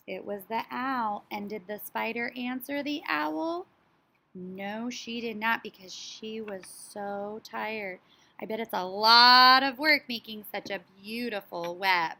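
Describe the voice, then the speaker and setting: A woman teaching a story sequencing lesson to young children, speaking in an animated, child-directed way and now and then imitating animal sounds. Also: on the high side, takes it slowly, gravelly.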